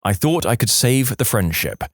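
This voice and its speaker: A man narrating listener stories in a lively voice that rises and falls a lot. He is recorded close to the mic, with a dry sound and no room echo. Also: mid-range voice, moderate pace. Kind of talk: scripted narration.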